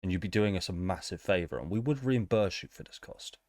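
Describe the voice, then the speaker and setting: A man's voice: low-pitched, animated, a little fast, dry recording. A man voicing a flustered, apologetic male casino dealer in a tabletop game.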